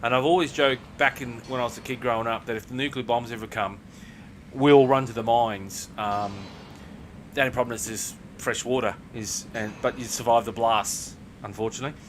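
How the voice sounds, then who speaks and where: A man's voice: medium pitch, steady tone, fairly quick, slight background noise. An Australian man streaming a video game, telling a long profane story with fillers and restarts. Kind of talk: casual storytelling while gaming.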